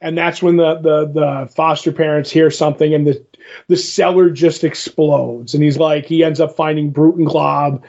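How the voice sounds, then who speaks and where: A man's voice: on the high side, little pitch movement, moderate pace, gravelly, darkish tone, highs cut off. A man casually recapping a comic story, rambling with many fillers and restarts.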